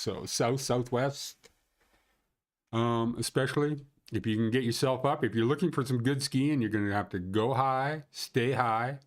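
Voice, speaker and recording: A man hosting a ski conditions livestream, rambling and joking as he thinks aloud. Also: fairly low pitch. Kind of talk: casual livestream chat.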